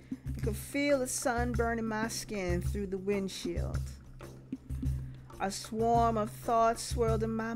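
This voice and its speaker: A woman voicing a wry, world-weary farm woman, reading a game's narration aloud in a dry storytelling manner. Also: fairly high pitch.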